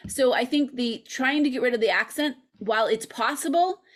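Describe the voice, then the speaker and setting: A woman's voice: high-pitched, normal speed, a bit bright. An American woman, an English teacher, talking through ideas in a casual interview with frequent ums, over a video call. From United States. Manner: thoughtful, chatty, frequent ums. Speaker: English teacher and channel creator.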